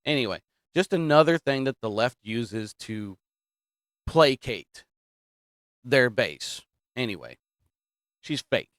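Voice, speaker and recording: A man gives casual political commentary in an emphatic way. He keeps circling back to the same points and wanders into asides. His voice sits at an ordinary pitch and sounds dry and close, with no room echo. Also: expressive, slow pace, pauses often, a bit bright. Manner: repetitive, emphatic, digressing.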